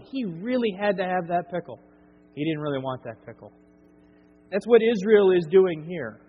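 Earnest preacher in a reverberant church. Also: male voice, high voice, husky. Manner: earnest, builds to emphatic peaks then drops soft. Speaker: pastor. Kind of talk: sermon. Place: church sanctuary. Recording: dull lo-fi church recording with long reverb and faint hum.

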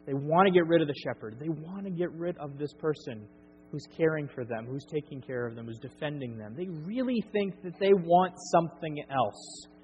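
A middle-aged male preacher with a somewhat high voice, delivering an earnest sermon that swells to emphatic peaks and falls back to quiet. His voice rings with long reverb through a dull, lo-fi church recording over a faint hum. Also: animated, normal speed. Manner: earnest, builds to emphatic peaks then drops soft. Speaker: pastor. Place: church sanctuary.

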